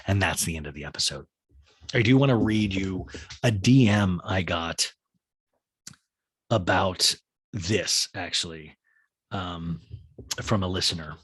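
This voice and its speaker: A man's voice: sits low, measured pace, long pauses, fairly bright tone, husky, no echo. A man hosting a podcast recap, chatting casually and wryly while speaking directly to his listeners. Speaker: podcast host.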